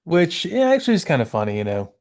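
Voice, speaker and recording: A man's voice: on the high side, wildly swooping pitch, fast, a little mellow. A man co-hosting a podcast, chatting casually about comics and wandering through his points. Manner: rambling, with many fillers and restarts. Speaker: podcast co-host.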